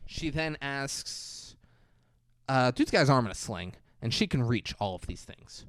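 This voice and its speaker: A podcast co-host recaps a film scene by scene in casual chat, animatedly acting out lines and swearing. His medium-pitched voice moves a little slowly, with no echo.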